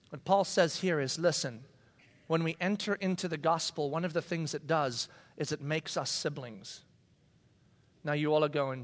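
A man preaching a sermon in a conversational, animated way, acting out quoted voices. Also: high-pitched, normal speed. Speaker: pastor. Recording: long reverb of a large hall.

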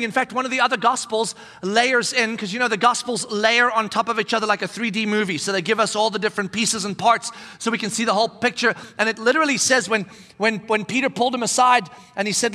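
Man, pastor, high bright voice, animated conversational sermon, long hall reverb. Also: fairly quick. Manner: animated, acts out quoted voices.

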